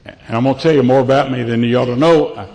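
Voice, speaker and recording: An older man tells homespun stories from a church pulpit, in a folksy and self-deprecating way. His voice sits in a middle pitch, and he often restarts his sentences. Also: fast talker, a little mellow. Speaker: preacher. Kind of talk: storytelling sermon.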